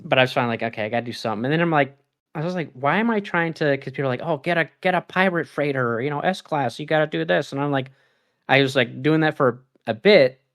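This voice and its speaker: A young man on a casual gaming podcast rambles through his stories, laughing often. His voice sits at a middle pitch and leaps upward whenever he plays out his own reactions, keeping the talk animated. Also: fast. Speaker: podcast co-host.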